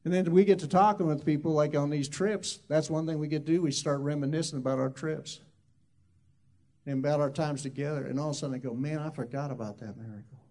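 A man's voice: on the high side, steady tone, fast, dark tone. Rambling man telling a testimony. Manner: rambling, loose, full of asides. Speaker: minister. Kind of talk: storytelling testimony.

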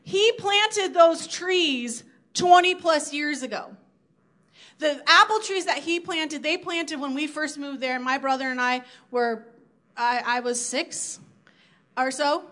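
Taking her time, a South Dakota woman with a high, fairly bright voice delivers a sincere, conversational sermon to her church. She voices her inner thoughts aloud, acting them out as she preaches.

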